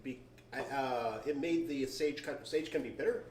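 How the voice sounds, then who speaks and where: A winery founder with a medium-pitched, darkish voice speaks at normal speed during a casual tasting in a wine cellar. He describes the food and wine in detail, lingering on flavors. The mic is distant, the sound roomy, with faint noise.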